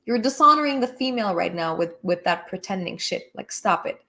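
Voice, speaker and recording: A woman voicing a fiery, blunt female waitress who bluntly challenges someone to be honest, forceful and swearing. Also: mid-range voice, animated, fairly quick, slight background noise. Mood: fierce, challenging.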